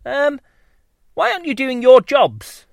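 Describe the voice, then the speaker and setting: A restless little girl bee, put on by a man, squeaks out her protests in a high, whiny voice. She sounds curious and breathless, pleading with real feeling. The sound is dry and close. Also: big pitch swings, measured pace, vocal fry, no room sound, full character voice. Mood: puzzled.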